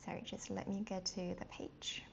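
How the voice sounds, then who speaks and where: A woman teaching a live online Mandarin lesson, speaking slowly and patiently with frequent fillers and quick apologies, jumping to a high sing-song pitch to demonstrate tones. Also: completely flat delivery, creaky, in a whisper.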